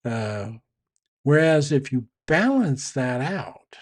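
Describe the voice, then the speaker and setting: A man's voice: medium pitch, sing-song, slow. A man giving a conversational, explanatory talk on trust and leadership, with frequent restarts. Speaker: trainer on communication and leadership.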